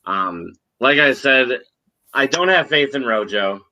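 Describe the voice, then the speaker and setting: A man co-hosting a podcast in casual chat over a video call, laid-back and joking, talking in quick bursts. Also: mid-range voice, animated, sharp tone, rough recording. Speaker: podcast co-host.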